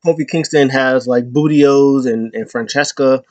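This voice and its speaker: A man's voice: medium pitch, steady tone, measured pace, no room sound. A man hosting a casual wrestling recap, talking loosely and rambling with lots of fillers. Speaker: show host. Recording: slightly dull lo-fi, dry.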